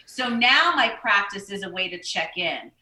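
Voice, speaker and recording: Woman, yoga teacher and podcast guest: bright, candid, a bit profane, echoey room. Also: mid-range voice, animated, normal speed. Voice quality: candid and blunt, swears casually. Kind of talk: casual podcast conversation.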